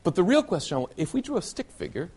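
A youth speaker from Nashville, Tennessee, in the southern United States, gives an animated, sermon-style talk to young people, firing off many rhetorical questions. His voice sits high and sounds husky, and he talks at a quick pace.

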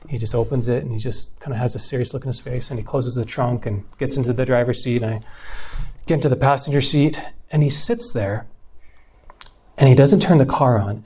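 A man telling his life story in a casual, heartfelt way. His voice sits at a middle pitch, and he rambles a little, circling back with fillers and restarts as he goes. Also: a little mellow, breathy edge. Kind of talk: personal testimony storytelling.

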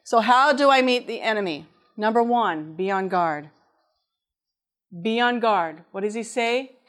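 A woman preaching with a slightly high voice. She tells a personal story, acting out the dialogue, then turns it into teaching points. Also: measured pace. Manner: lively storytelling that acts out dialogue.

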